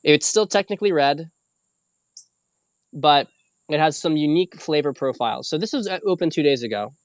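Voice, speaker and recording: A man's voice: fairly high pitch, lively intonation, normal speed, no room sound. A man hosting a casual livestream, rambling loosely with frequent fillers and the odd swear word. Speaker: host.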